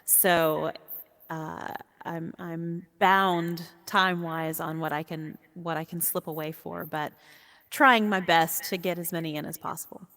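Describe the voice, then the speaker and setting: A woman speaking as an interview guest in casual chat, warm and animated and quick to laugh. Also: lowish voice. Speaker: guest, VR sport caster. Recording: long echoey reverb.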